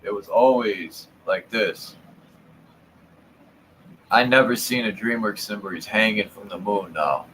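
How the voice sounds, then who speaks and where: Male channel host, low-pitched, unhurried, amused slangy musing over maps. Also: slight background noise, rough recording. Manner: relaxed, amused, slangy asides. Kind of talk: casual commentary while browsing old maps.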